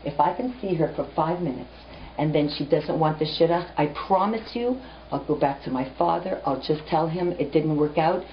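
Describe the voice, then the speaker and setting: A woman voicing a humble young scholar who speaks quietly and earnestly in a told story. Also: low-pitched, normal speed, slight background noise, lightly acted. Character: humble, learned young man. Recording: muffled lo-fi recording.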